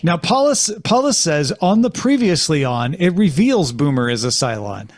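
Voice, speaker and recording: A man's voice: on the high side, very animated, normal speed. A man hosting a casual TV discussion podcast, talking animatedly with playful jumps in his voice. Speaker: podcast host. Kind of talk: casual chat.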